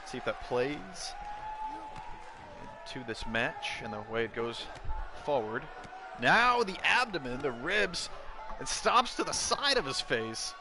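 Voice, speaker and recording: Brief: male play-by-play caller for a wrestling video game, mid pitch, gets loud and excited, clear background noise. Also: takes it slowly, pauses often, crowd noise. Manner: excitable, bursts into shouts at big moves.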